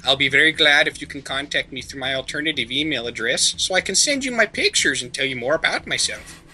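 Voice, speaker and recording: A man's voice: mid-range voice, expressive, quick pace, sharp tone, faint music behind, rough recording. A man voicing a friendly female spam-email writer, reading her letter aloud in a formal, sing-song voice for comic effect. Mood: sugary polite.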